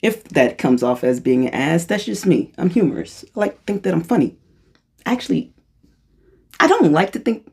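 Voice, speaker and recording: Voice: sing-song, normal speed, vocal fry, darkish tone, slightly rough. Spiritual channeler for a loose freestyle talk: rambling, self-correcting, joking at their own expense, mid-range voice. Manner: playful and self-mocking, jumps into high-pitched voices for quotes; rambling, restarts and corrects itself.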